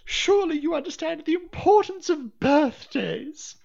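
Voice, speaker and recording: A woman's voice: sits high, animated, measured pace, gravelly, darkish tone, muffled recording, voice pushed up, heavily acted. A woman voicing a spoiled young princess who wails and screeches in tears. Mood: shrill tearful. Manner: screeching, tearful, indignant.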